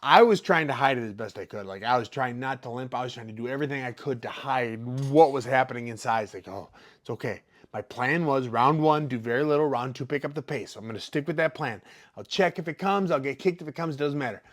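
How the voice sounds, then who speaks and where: A man's voice: medium pitch, quick pace. A professional fighter telling a casual story, acting out quotes and sound effects as he goes.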